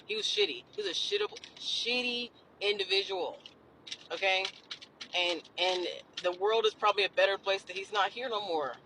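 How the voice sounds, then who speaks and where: A man's voice: high voice, lively intonation, normal speed, background noise. A man ranting in an exasperated, profane way in a vlog. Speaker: social media commentator.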